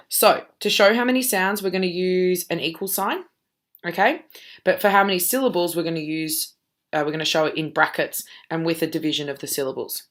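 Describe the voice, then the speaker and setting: A woman's voice: lowish voice, fairly bright tone, slight background noise. A woman teacher giving a recorded lesson, walking students through a task patiently and checking in with "okay?" after each step.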